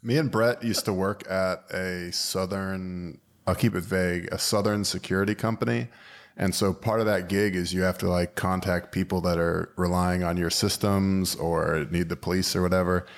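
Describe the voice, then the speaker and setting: A man hosting a podcast, telling wry, joking work stories in a relaxed way. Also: deep voice, normal speed. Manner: wry, anecdotal, does comic voices. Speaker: podcast host. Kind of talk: casual storytelling.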